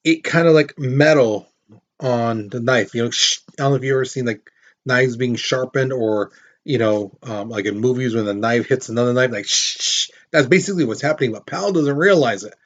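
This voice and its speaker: A man's voice: medium pitch, lively intonation, a little fast. A man teaching a history lesson in a casual, storytelling way, acting out quotes and putting questions to his students. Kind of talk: casual classroom lecture.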